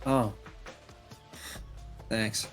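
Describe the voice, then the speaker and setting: A man voicing a weary woman photographer who drinks at her desk, with a low, flat, mumbling delivery. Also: drawn-out words, faint music behind.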